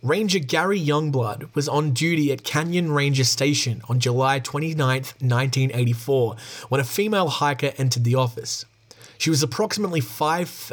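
A man hosting a podcast, reading a true-crime account aloud at a steady pace, with fillers, small restarts and wry asides. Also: medium pitch. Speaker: podcast host.

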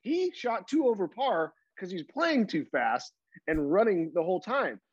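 Male podcast co-host, measured casual talk, dry and slightly dull recording. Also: high voice, very animated, husky, no room sound. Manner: measured, reasoning out his opinion. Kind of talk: casual chat.

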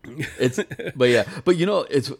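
A man co-hosting a podcast, chatting casually with sarcastic quips and pausing with fillers to find words. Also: medium pitch, lively intonation, vocal fry, husky. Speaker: podcast co-host. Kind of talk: casual chat.

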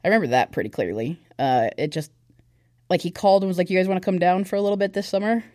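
A woman's voice: on the low side, fast, mellow, dry recording. Candid young woman telling her story, dry. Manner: candid and conversational, with many fillers. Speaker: podcast guest. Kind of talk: personal testimony in casual chat.

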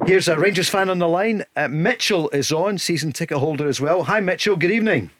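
A man hosts a radio phone-in in a chatty, easygoing way, laughing often as he steers the conversation. His voice sits a little high. It is recorded on a close, dry studio mic. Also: a little fast, a bit bright, no echo. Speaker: radio show host.

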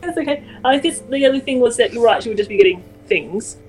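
A woman's voice: fairly high pitch, lively intonation, fast, darkish tone, low-quality recording. A woman taking part as a player in a tabletop game, easygoing and playful. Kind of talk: tabletop role-play.

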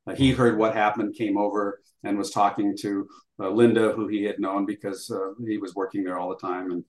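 An older man, speaking as an interview guest, recounts a story in a lowish, flat voice at a slightly fast pace. He acts out dialogue along the way and uses frequent fillers, with a roomy echo in the recording.

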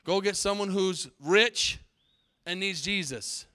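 A man's voice: high-pitched, slow pace, pushed and bright, clean tone. A middle-aged man preaching a sermon as pastor from the pulpit, emphatic, with call-and-response to the congregation. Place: church sanctuary.

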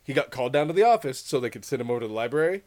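A man in his thirties telling stories in casual chat, animated and profane, acting out the other people in his stories. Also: mid-range voice, very fast. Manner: animated, swears freely, acts out voices in his anecdotes. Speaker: podcast co-host, father.

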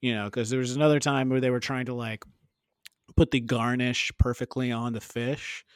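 A man's voice: mid-range voice, little pitch movement, moderate pace, clean tone, dry recording. Chatty, laughing man in a dry booth. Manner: laughing, chatty storytelling with acted quotes. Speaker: podcast co-host. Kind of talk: casual chat recapping a cooking show.

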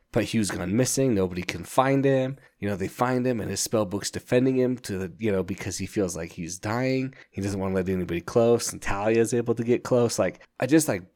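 A man with a deep, low voice talks through a fantasy book on his podcast. He rambles casually, with many "like" and "you know" fillers. He sounds earnest and openly fond of the story. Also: darkish tone. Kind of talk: casual spoken book review.

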